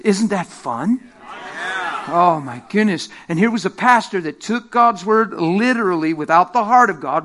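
A middle-aged man preaching a sermon, telling stories with lively energy, laughing and acting out the voices of the people in them. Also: high voice. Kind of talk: sermon with storytelling. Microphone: handheld microphone.

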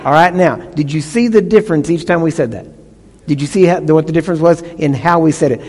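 A man preaching with a fairly high voice, leaning hard on key words and checking in with the congregation between points. His voice rings out with a long reverb, as if he is in a large church hall. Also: brisk, darkish tone. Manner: emphatic teaching with call-and-response checks. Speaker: pastor. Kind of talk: sermon.

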